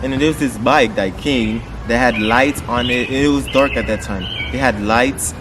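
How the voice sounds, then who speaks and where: A man vlogging a story time, swearing freely and jumping to loud outbursts when he quotes people. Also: mid-range voice, normal speed. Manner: animated, swearing, loud bursts when quoting. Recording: noisy outdoor street sound.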